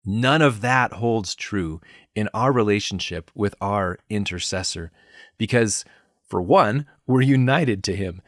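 A man's voice: lowish voice, a little slow, a bit bright, no echo, clean studio sound. Earnest man teaching scripture. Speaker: podcast host and Bible teacher. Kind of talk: devotional teaching monologue.

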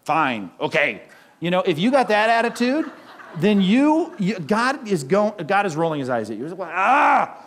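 A pastor in middle age preaches with a high, bright voice, firing off rhetorical questions at his listeners. He slips into quoted voices now and then, lifting his pitch to act them out. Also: sing-song, moderate pace. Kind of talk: sermon.

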